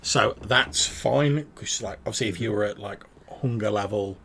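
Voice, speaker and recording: Gravelly game master. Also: male voice, lowish voice, normal speed, a bit bright, slight background noise. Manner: rambling with many fillers. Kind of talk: narrating a tabletop game.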